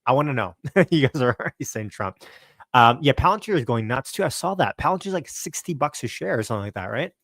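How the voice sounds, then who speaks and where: A man from Canada hosting a casual stock market livestream at home, upbeat and chatty, greeting viewers by name and keeping his voice a little low. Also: lively intonation, quick pace, no room sound, clean studio sound. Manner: talking a bit lower and quieter to not wake the house. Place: home, early morning.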